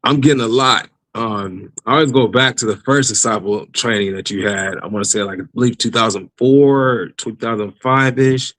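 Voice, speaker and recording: A man telling his personal faith testimony in a casual interview, animated, laughing often and restarting his sentences. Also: mid-range voice, moderate pace, hardly any pauses, no room sound, low-quality recording. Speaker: guest giving testimony.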